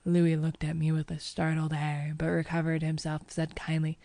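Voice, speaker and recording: A woman narrating an audiobook in the first person, her reading measured and even. Her voice sits low and mellow with very little rise and fall. The recording is dry and close. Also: creaky, no room sound.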